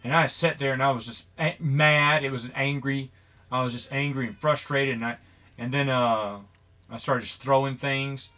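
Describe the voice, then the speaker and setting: Chatting casually on a podcast he co-hosts, a man relates a story with animation, performing the quoted voices of its characters. He speaks in a mid-range voice at a moderate pace.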